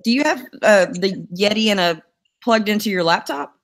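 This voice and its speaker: A woman's voice: mid-range voice, animated, normal speed. A woman chatting casually on a video call through her computer mic, joking about herself and laughing often. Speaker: co-host. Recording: slightly tinny sound.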